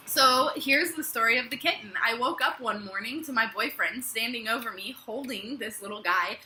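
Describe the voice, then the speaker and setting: A young woman tells a personal story straight to the camera, chatty and animated and full of little fillers. Her voice is very bright and sharp, and the room gives it a noticeable echo. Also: a little high, normal speed, slight background noise. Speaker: vlogger. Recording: echoey room.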